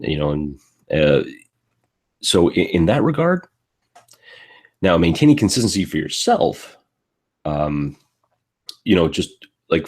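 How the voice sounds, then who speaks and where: A man with an extremely deep, low voice speaks as a panelist in a casual live discussion. He answers loosely, restarting phrases and leaning on "you know" as he works through his point. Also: darkish tone.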